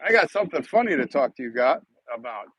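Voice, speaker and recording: A Chicago man hosting a YouTube live stream rambles casually with viewers and thanks donors. His medium-pitched voice is sing-song, fast, a bit bright and slightly rough. The dry recording has its highs cut off.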